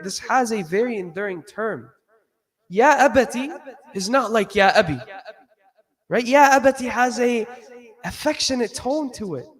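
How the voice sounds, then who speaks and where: Male preacher, very high pitch; explanatory sermon delivery with frequent "right?" check-ins. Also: poor audio. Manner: recites Arabic verses, then translates and explains them. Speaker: speaker giving a Friday sermon.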